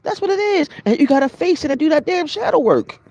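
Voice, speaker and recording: A man's voice: very high-pitched, quick pace, no echo, dull audio. A man giving a casual motivational spiritual talk to his viewers, greeting them by name as he goes. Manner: animated, conversational, addresses live viewers by name. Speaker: spiritual vlogger.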